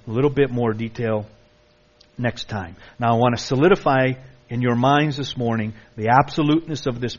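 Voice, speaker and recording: A man preaching a sermon emphatically, reading scripture aloud and sometimes mimicking excuses in a higher voice. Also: muffled recording. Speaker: pastor.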